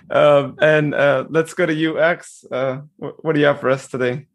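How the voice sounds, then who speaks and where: Guy hosting a podcast, kinda high voice, lots of uhs, easygoing. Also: unhurried. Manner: relaxed, hesitant with fillers. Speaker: podcast host. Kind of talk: casual podcast chat.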